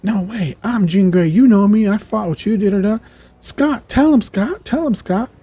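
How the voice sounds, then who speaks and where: A man voicing a frantic young woman who pleads loudly to be believed. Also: moderate pace, breathy edge. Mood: pleading. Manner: high, loud, pleading.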